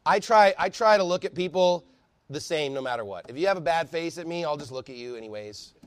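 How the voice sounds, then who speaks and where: A man preaching a sermon with fervor, reading scripture quickly and building up to shouting. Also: fairly high pitch, lively intonation, no room sound. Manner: fervent preaching, rising to shouts; reads scripture aloud quickly. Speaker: pastor.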